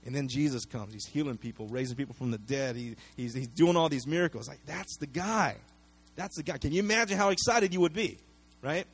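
A man preaching a sermon, telling the story in a casual, animated way, acting out what people said and often repeating words and adding fillers. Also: a little high, a little fast, husky. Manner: conversational, animated storytelling with acted-out quotes. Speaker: pastor.

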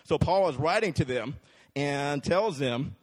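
Prediger mit Hall in einer Kirche. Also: male voice, a little high, animated, a little slow. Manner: conversational, checks in with the crowd with frequent "right?". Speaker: pastor. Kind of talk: sermon. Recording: long hall reverb.

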